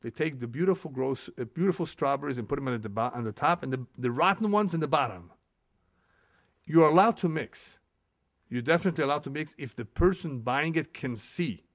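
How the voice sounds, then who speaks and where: A man's voice: medium pitch, fairly quick, no room sound, studio quality. A man teaching a religious ethics lesson as a rabbi, telling stories with chuckles and Hebrew terms. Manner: lively storytelling, acts out quoted speakers, chuckles often; sprinkles Hebrew terms into English. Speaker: rabbi lecturer.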